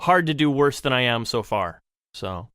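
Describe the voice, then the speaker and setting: Sarcastic male co-host, bright, animated voice, dry close sound. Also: medium pitch, moderate pace, no echo. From Michigan. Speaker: podcast co-host. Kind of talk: casual podcast banter.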